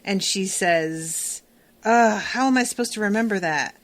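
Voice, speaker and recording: A woman co-hosting a relaxed podcast recap, her voice mid-pitched and ordinary. She tells the story with lively acted-out quotes. She laughs easily between the lines. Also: unhurried. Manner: animated retelling with acted-out quotes, laughs often. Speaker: podcast co-host. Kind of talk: casual chat recapping a TV episode.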